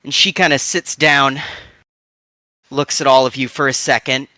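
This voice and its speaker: A man narrating as game master in a relaxed, filler-heavy way, with lots of "uh" and "like". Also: mid-range voice, moderate pace, no room sound.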